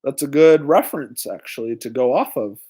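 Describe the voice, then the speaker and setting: A young man hosting a live-stream trivia night, excitedly greeting viewers in the chat by name. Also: medium pitch, brisk, breathy edge. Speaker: livestream host.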